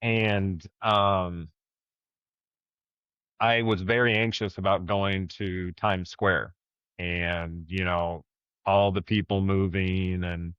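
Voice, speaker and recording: Man, low voice, candid podcast co-host, reflective and open, dry close sound, slightly muffled recording. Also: smooth, dry recording. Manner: open, reflective, speaks about personal struggles. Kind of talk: candid conversation.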